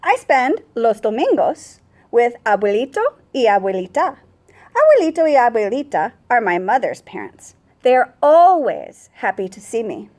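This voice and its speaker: Female first grade teacher, high bright voice, very animated read-aloud for young kids. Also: moderate pace. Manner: expressive storybook reading. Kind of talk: reading a picture book aloud to children.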